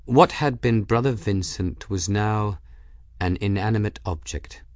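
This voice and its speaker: A man reading a novel aloud as narrator, steady and measured. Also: on the low side, no echo, studio quality. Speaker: audiobook narrator. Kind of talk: scripted narration.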